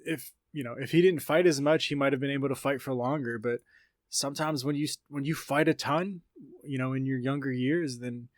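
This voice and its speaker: A man co-hosting a podcast, talking at a medium pitch in a loose, rambling way full of "like" and "you know" as he walks through fight news and reads quotes aloud. The sound is dry and close, with almost no room echo. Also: fairly quick. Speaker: podcast co-host. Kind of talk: casual podcast chat about fight news.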